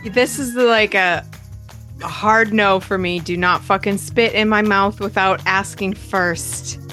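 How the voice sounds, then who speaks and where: A woman's voice: mid-range voice, steady tone, slow pace, pushed and bright, faint music behind. A woman hosting a podcast in casual chat, blunt and emphatic, swearing freely. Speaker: podcast host.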